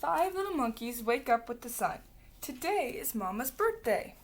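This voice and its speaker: A woman reading a picture book aloud in a lively, playful way. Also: sits high, normal speed, a little hiss or hum. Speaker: storybook reader.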